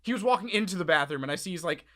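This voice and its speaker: A young man co-hosting a casual podcast, talking in halting bursts and repeating himself. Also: sits high, animated, a bit bright. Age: young adult. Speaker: podcast co-host.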